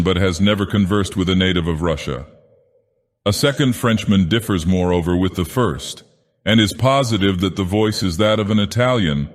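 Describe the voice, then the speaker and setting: Male actor as a brooding divine villain narrating a tale, very low voice, long cavernous reverb. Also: natural voice. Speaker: audiobook narrator. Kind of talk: storybook narration in character.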